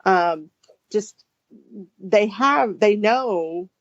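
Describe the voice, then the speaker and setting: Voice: medium pitch, no echo. Co-host chatting on a slightly muffled podcast line. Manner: halting, with restarts and fillers. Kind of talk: casual podcast chat.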